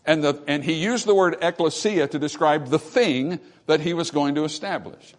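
A man's voice: a little high, moderate pace. A man preaching a sermon from the pulpit, emphatic and repetitive, calling out "amen" to the congregation. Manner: repeats phrases for emphasis. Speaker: pastor.

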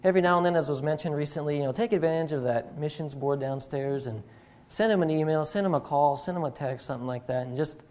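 A man's voice: on the high side, fast talker, a little mellow. Chatty young male guest preacher. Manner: chatty, self-deprecating humor with frequent fillers. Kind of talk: sermon. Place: church sanctuary.

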